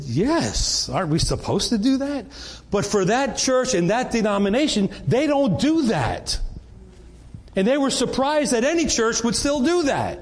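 A middle-aged man, preaching a sermon to his congregation in an earnest, conversational way with frequent restarts. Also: high-pitched. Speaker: pastor.

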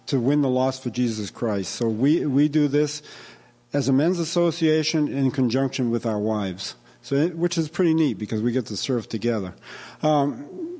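A man's voice: fairly high pitch, warm tone. A man introducing a guest speaker at church, earnest and stumbling a little over his words. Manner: earnest, with restarts. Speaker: Gideons association president. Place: church sanctuary. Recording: long hall reverb.

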